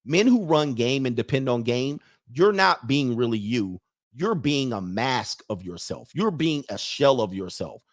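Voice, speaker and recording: A man's voice: medium pitch, expressive, measured pace. Blunt man giving dating advice. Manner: blunt, preachy, laughs at his own points; acts out other people's lines in put-on voices. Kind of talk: casual unscripted monologue.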